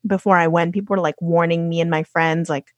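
A woman's voice: lowish voice, little pitch movement, brisk, dry recording. A woman talking as a podcast guest in a loose, chatty way, full of fillers. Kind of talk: casual interview chat.

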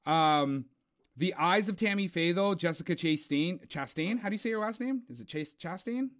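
A man's voice: high-pitched, expressive, brisk, a bit bright. A man chatting casually about film awards, rambling with lots of fillers. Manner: rambling, filler-heavy, enthusiastic. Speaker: co-host.

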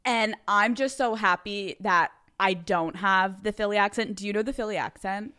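A woman's voice: medium pitch, moderate pace, sharp tone, clear, resonant tone. A young woman from the Philadelphia area hosting a podcast, chatty and swearing freely. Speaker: podcast host. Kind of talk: casual chat.

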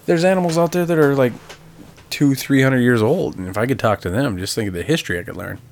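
A man's voice: medium pitch, fast talker, a little hiss or hum. A young man co-hosting a podcast in casual chat, easygoing and playful, thinking aloud as he goes. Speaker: podcast co-host.

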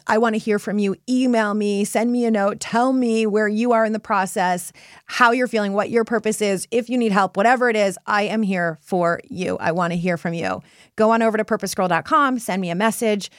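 A woman's voice: medium pitch, no echo, studio quality. A woman hosting her own motivational podcast, speaking earnestly and encouragingly straight to her listeners as a purpose coach.

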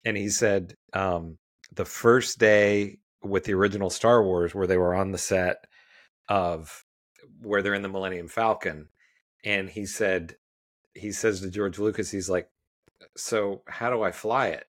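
A man with a fairly low voice talks easily on a podcast. He tells stories loosely, with plenty of fillers. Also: unhurried. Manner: relaxed storyteller, frequent fillers. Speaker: podcast co-host. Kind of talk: casual chat.

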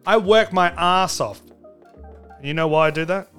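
A man hosting a comedy podcast, brash and sarcastic, hyping up merch with loud bursts. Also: high voice, unhurried, over loud music. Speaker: podcast host.

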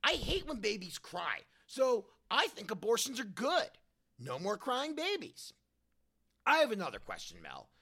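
Podcast host reading a funny letter, super earnest and innocent, swoopy lively pitch. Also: measured pace, vocal fry, husky. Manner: earnest, innocent childlike delivery. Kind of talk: scripted comedic reading.

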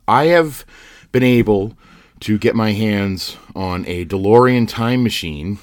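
A man hosting a wrestling podcast, playfully staging interviews, hesitant and full of fillers. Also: lowish voice. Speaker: podcast host. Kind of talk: playful scripted bit with interviews.

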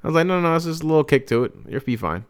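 A man's voice: fairly high pitch, rapid-fire, clear, resonant tone, no echo. A young man co-hosting a podcast, telling a casual story and acting out what others said. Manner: animated storyteller acting out quotes. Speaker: podcast co-host.

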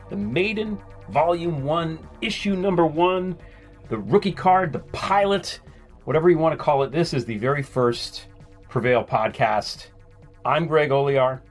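A podcast host chats casually on his own show, often restarting sentences and repeating words as he does, with a self-deprecating manner. His voice is mid-range and husky.

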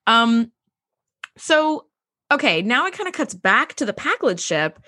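A woman's voice: a little high, big pitch swings, measured pace, pushed and bright. A woman co-hosting a podcast, chatting casually about a TV episode, laughing often and acting out the characters' lines. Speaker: podcast co-host. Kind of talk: casual chat recapping a TV episode.

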